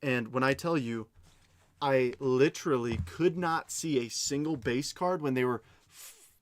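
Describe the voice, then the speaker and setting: A man's voice: mid-range voice, a little slow. A man hosting a card break, chatting casually and reading out each card as he goes, with playful self-mocking asides. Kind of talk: casual live card-opening commentary.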